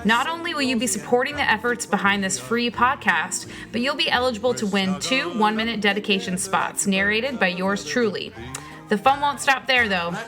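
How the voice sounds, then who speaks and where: A woman's voice: a little high, expressive, moderate pace. A woman reading a scripted promo in a playful, punchy delivery. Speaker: ad narrator. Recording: voice over music.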